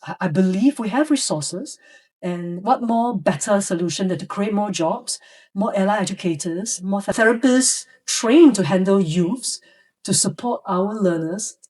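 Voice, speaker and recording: A woman's voice: mid-range voice, measured pace, darkish tone, distant mic. A woman educator telling classroom stories in a podcast interview, acting out the voices of students and teachers. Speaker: educator guest.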